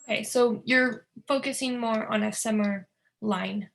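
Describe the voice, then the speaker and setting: A woman's voice: fairly high pitch, unhurried, vocal fry, a bit bright. A woman student taking part in a classroom role-play over a video call, asking brief, friendly questions.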